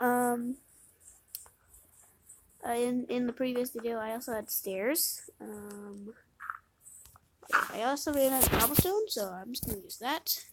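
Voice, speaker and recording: A woman giving casual let's-play commentary, mumbling to herself while playing, with sudden loud dramatic outbursts, recorded on a phone microphone. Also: fairly high pitch, measured pace, long pauses, noisy background. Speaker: game video creator. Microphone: phone microphone during screen recording.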